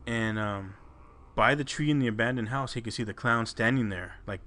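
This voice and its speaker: A man's voice: medium pitch, normal speed, a bit bright. A man co-hosting a podcast, casually retelling a listener's scary story with swearing and restarts. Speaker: podcast co-host.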